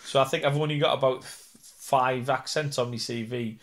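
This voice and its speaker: A man's voice: medium pitch, steady tone, moderate pace, fairly bright tone. A man with a Geordie accent, an actor and singer chatting in an interview, self-deprecating and full of fillers. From North East England. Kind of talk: casual interview chat.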